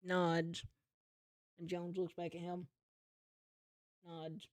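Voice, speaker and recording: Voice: mid-range voice, monotone, drawn-out words, no room sound. Playful game master, dry close sound. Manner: casual, laughing, playful narration. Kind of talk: narrating a tabletop game.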